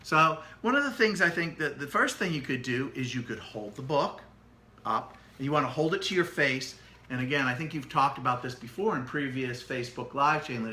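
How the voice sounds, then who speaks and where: A middle-aged man co-hosting a casual parenting chat, animated and demonstrative as he explains. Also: medium pitch. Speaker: co-host, parent.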